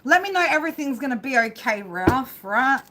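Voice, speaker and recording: A woman's voice: sits high, sing-song, a little fast, heavy background noise. A woman giving a live tarot reading on a stream. She rambles casually and swears, and ends almost every phrase with "right?". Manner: rambling, casual and profane, constant "right?" tags. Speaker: tarot reader.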